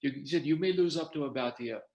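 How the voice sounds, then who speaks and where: Older male guest, mid-pitched, animated storyteller in a talk. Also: fast talker. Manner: animated storyteller quoting others' words. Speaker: guest sharing his story.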